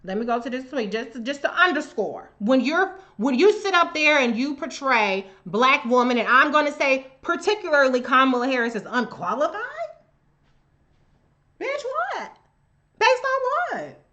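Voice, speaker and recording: A woman with a high, bright voice hosts a live stream, talking back to her commenters in a blunt, confrontational, profanity-laced way. She hits her points hard and keeps the commentary heated. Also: expressive, normal speed, hardly any pauses, muffled recording. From United States. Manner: addresses commenters directly. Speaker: livestream host.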